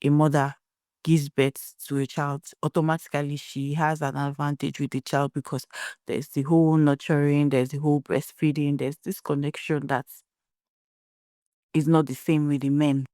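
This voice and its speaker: A woman's voice: low-pitched, flat delivery, normal speed, dark tone, no room sound, clean studio sound. A young Nigerian woman hosting a solo podcast, giving blunt opinions and telling stories in a conversational way. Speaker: podcast host.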